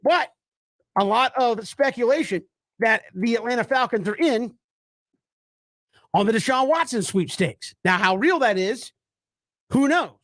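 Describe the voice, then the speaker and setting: A man co-hosting sports talk radio, speaking in a high, bright register. He keeps up a chatty flow with playful jokes between points. The studio sound is dry and close. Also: expressive, unhurried, long pauses, no echo.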